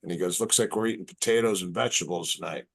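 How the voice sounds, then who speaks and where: A man, a martial arts instructor on a podcast as a guest, telling stories in a casual, animated, halting way. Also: deep voice, creaky. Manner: animated, halting, repeats words. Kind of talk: casual storytelling.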